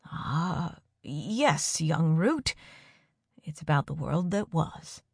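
A kind village teacher from a storybook, gentle and soft-spoken, turning nervous and halting under pressure, as a woman narrator plays him. His lines come slow and low, in a close, dry recording. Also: animated, creaky, slightly rough, no echo, exaggerated voice.

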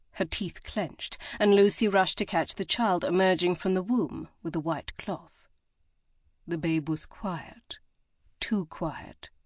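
Woman narrator, low-ish voice, measured audiobook delivery, dry studio. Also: dry recording. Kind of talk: scripted narration.

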